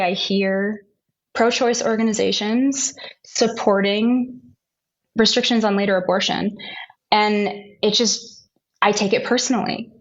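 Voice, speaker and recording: Woman telling her own story, earnest and personal, slightly dull lo-fi audio. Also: medium pitch. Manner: earnest, personal, searching for words. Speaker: patient advocate. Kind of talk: personal testimony in a panel conversation.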